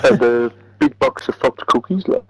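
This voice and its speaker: A man's voice: medium pitch, moderate pace, a bit bright, slightly rough, no room sound, faint music behind, low-quality recording. A young man joking crudely with friends during an online game. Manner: crude teasing. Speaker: gamer. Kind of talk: casual gaming banter.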